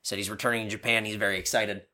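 A man's voice: fairly low pitch, flat delivery, very fast, pushed and bright. A man co-hosting a podcast, recapping a show in loose, chatty talk with lots of fillers and laughs. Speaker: podcast co-host. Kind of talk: casual chat recapping a show.

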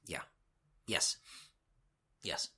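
A man's voice: very slow, sharp tone. A man co-hosting a podcast, rambling through a casual play-by-play recap with swearing tossed in. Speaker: podcast co-host. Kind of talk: casual wrestling recap chat.

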